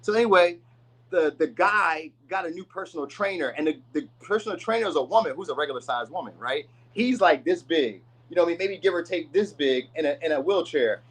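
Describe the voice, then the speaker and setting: A man's voice: a little high, expressive, fairly quick, slightly rough, rough recording. A man giving a casual tarot reading to camera, rambling and chatty with lots of asides, sometimes acting out the people he describes. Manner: loose, rambling, chatty delivery with many asides; acts out quoted people in voices. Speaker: tarot reader.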